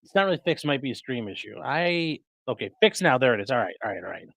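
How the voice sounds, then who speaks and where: Streamer host, male, casual chat to viewers, animated delivery, dry close mic. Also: medium pitch, fast, vocal fry, dry recording, low-quality recording. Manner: chatty, rambling, fixing mic settings mid-stream. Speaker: livestream host reading chat. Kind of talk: casual live commentary. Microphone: streaming desk mic.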